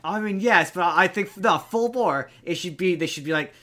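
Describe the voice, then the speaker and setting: A man hosts a casual podcast conversation, with a bright, forceful tone. He chats loosely and often trails off mid-thought. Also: sits high, normal speed. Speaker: podcast host. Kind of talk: casual chat.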